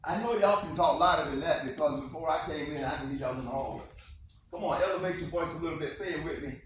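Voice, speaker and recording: A man with a high voice delivers a motivational talk to students, driving home each point with repetition and call-and-response. He is caught from a distance in a strongly echoing classroom, with a faint hiss of noise underneath. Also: quick pace. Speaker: motivational speaker. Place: school classroom.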